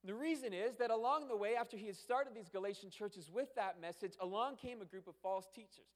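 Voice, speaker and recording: A man's voice: high voice, brisk. A man preaching a sermon as pastor, emphatic and fond of repeating phrases and asking rhetorical questions. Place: church sanctuary. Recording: long hall reverb.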